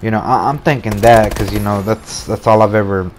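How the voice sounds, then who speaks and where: A man's voice: on the low side, steady tone, a little fast, darkish tone, slight background noise. A man in his twenties hosting a gaming channel, telling a story casually over gameplay in a laid-back, slangy way and swearing freely.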